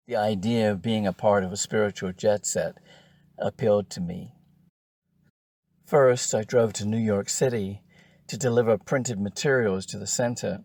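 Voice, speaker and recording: Gravelly older man reading his memoir. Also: on the low side, a little mellow. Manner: measured, wry first-person storytelling. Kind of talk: audiobook narration.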